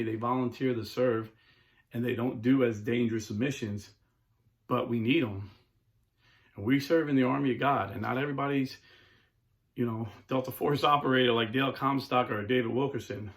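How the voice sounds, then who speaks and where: A man hosting a Catholic talk show, telling stories in a casual, animated way. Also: medium pitch. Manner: animated storyteller, casual with filler words. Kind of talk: storytelling talk.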